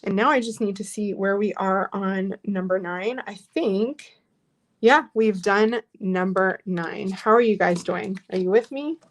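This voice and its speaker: A woman's voice: medium pitch, measured pace. A woman teaching a live online scrapbooking class in a chatty, encouraging way, reading out viewer comments as she works.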